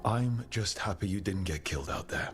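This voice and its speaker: A man's voice: deep voice, moderate pace, natural voice. An actor playing a playful, flirtatious male hero in a video game. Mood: flirty. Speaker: player character. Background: game music.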